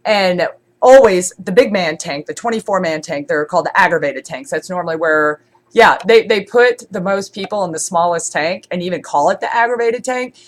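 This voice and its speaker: A woman's voice: fairly low pitch, lively intonation, normal speed. A congested woman streamer chatting casually, rambling with many fillers and restarts. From born in Scotland, raised in Germany. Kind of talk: casual chat.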